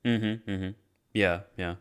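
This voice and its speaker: A man's voice: sits low, steady tone, slow pace, smooth. A man hosting a podcast, casually recapping a horror film with loose, laughing, sweary storytelling. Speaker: podcast host.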